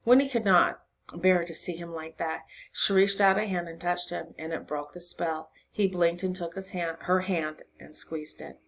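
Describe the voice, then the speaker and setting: A woman's voice: fairly low pitch, moderate pace, creaky. Woman reading a novel aloud to kids. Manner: expressive reading, voices for each character. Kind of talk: storybook read-aloud to a class.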